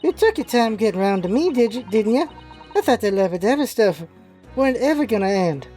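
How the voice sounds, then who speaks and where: A woman's voice: a little high, very animated, fairly quick, dark tone, faint music behind, pitched above the performer's own voice. A woman voicing a cheeky young female street pickpocket, brash, defiant and mocking.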